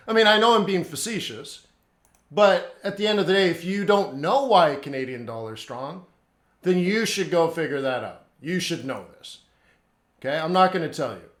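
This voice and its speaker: Blunt man teaching trading, echoey room. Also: high voice. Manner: blunt, answers chat questions, repeats points. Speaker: forex trading instructor. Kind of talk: live trading lesson.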